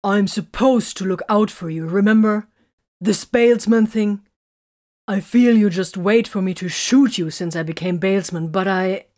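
A woman's voice: mid-range voice, normal speed, darkish tone, natural voice. An earnest young captain pleads and protests in an audiobook, as a woman reads his lines. His tone is heated and urgent. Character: anguished young man, a captain. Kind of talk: audiobook character reading.

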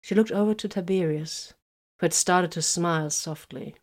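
A woman reading a story aloud in a quiet, even narration. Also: lowish voice, moderate pace. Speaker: story reader. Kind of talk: scripted narration.

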